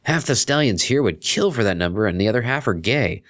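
A man's voice: lowish voice, expressive, a little fast, fairly bright tone, pitched above the performer's own voice. A man doing a laid-back young pony guy. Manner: easygoing and chatty. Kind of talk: fan fiction reading.

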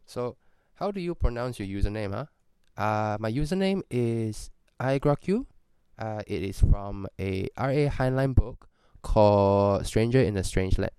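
A man's voice: on the low side, expressive, a little slow, hardly any pauses, warm tone, clear, resonant tone, no room sound. A man doing a Singlish accent, answering intro questions with a bouncy, lilting delivery. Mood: chatty. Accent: Singaporean English, put on. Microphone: home microphone.

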